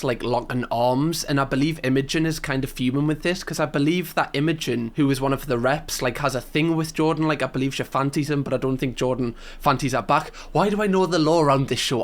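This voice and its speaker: Young male reactor, casual and sarcastic, a bit higher than usual. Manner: chatty, sarcastic, lots of "like". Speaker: YouTube reactor.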